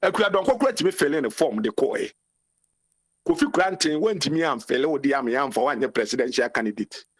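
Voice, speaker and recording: A Ghanaian-accented man speaks in a notably high register, calling in to a talk show. His delivery is impassioned and ranting, and he hammers his points home by repeating phrases. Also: fairly bright tone. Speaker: caller. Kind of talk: call-in commentary mixing Twi and English.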